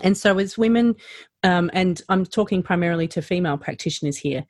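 A woman, a health practitioner, talking through her advice in a podcast conversation, animated and full of ums. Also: a little fast, no room sound, clean studio sound. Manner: animated, rising and falling pitch, lots of fillers. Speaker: practitioner educator.

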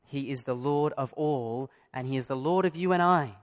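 A man's voice: mid-range voice, moderate pace. A middle-aged male pastor preaching a sermon in an earnest way, asking his listeners many direct questions.

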